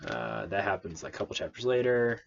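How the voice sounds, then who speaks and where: A man with a somewhat low voice reads a Bible passage aloud, then drifts into amused, rambling commentary full of asides and self-corrections. The recording is dull and lo-fi. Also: a little fast, vocal fry, a little hiss or hum. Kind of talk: casual Bible reading and commentary.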